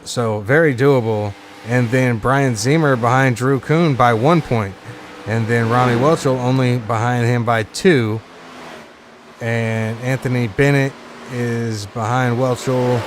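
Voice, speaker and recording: A man's voice: mid-range voice, slight background noise. A man commentating a live sim racing stream in a casual, chatty way, reading viewer chat aloud between points updates.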